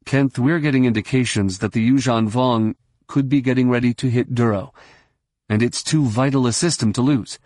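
A man voicing a calm middle-aged leader in a science fiction audiobook, steady and measured. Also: medium pitch, dry recording, clean studio sound, close to an everyday voice. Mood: urgent.

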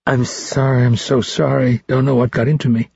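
A man doing a rattled male patient in an audiobook, his speech slightly slurred and halting, pitched well above the reader's own low voice. The delivery is husky and dry, on a dull, lo-fi recording. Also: little pitch movement, darkish tone, dry recording. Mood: remorseful. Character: shaken, apologetic man patient.

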